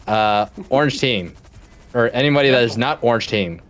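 A man hosting a casual gaming session with friends, bantering excitedly. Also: medium pitch, moderate pace. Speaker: let's play host.

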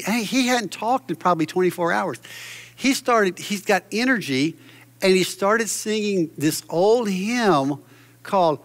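A man's voice: high voice, animated, measured pace, big-room sound. A man preaching a sermon from a church stage, fervent and exclamatory, often restarting his sentences. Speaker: pastor.

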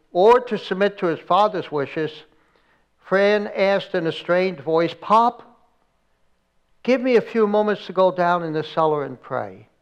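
A male pastor with a high, bright-pitched voice delivers a sermon in a church. He tells stories vividly and acts out quoted prayers with climbing intensity. He sounds middle-aged. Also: dull audio. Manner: dramatic storytelling, acting out quoted prayers with rising intensity. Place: church, recorded for an online service.

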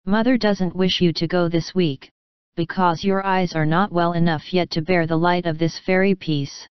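A woman voicing a gentle, sensible older sister in a storybook reading, speaking soothingly and reasonably. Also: fairly low pitch, fairly even intonation, moderate pace, clean tone, no echo, muffled recording, close to an everyday voice.

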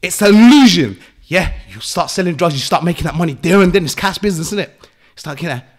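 A man's voice: high-pitched, animated, quick pace. A young English man with an English accent, a guest on a podcast interview, talking bluntly with street slang and swearing, lecturing his listeners. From England. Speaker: entrepreneur guest.

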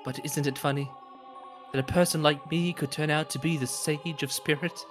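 A man's voice: a little high, steady tone, moderate pace, soft background music, lightly acted. A man voicing a bold, proud young desert woman warrior, reading game dialogue aloud with a dramatic touch. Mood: proud, earnest.

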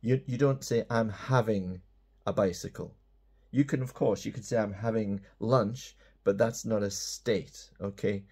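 A man's voice: fairly low pitch, fairly even intonation, a little slow, darkish tone, husky. A man teaching an English grammar lesson, explaining tenses and often checking in with "okay?".

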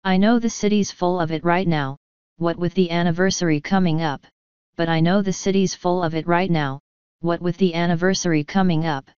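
A woman reading the part of a gruff middle-aged male watch commander who talks curtly and impatiently, in an audiobook. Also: on the low side, darkish tone, dry recording, dull audio, close to an everyday voice. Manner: curt, impatient, dry.

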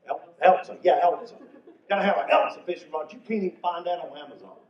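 A man's voice: high voice, fast, a little hiss or hum. An older man from North Carolina, telling stand-up comedy stories in a folksy way. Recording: echoey venue from far off, muffled.

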